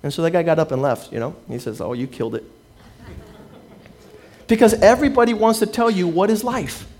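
A man's voice: high voice, a little fast, darkish tone. A man preaching a sermon as a pastor, telling stories and acting out the people he quotes.

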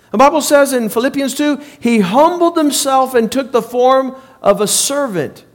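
A man preaching a sermon in an emphatic, repetitive way. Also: very high-pitched.

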